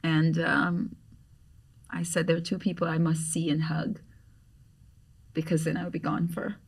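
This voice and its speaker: A middle-aged woman from Grenada with a Grenadian accent, a podcast guest telling a story in an animated way and acting out the voices she quotes. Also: low voice, unhurried, vocal fry, husky, recorded from a distance. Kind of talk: storytelling in conversation.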